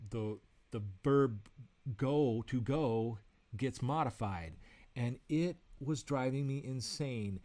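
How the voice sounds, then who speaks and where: A man of ordinary middle pitch talks through a lesson like he is chatting with the listener. He leans on everyday anecdotes, trips over restarts and fillers, and now and then rises into lively acted-out quotes. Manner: animated storytelling, acts out quoted outbursts; conversational, with frequent fillers and restarts. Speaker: author and educator. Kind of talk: explanatory talk with personal stories.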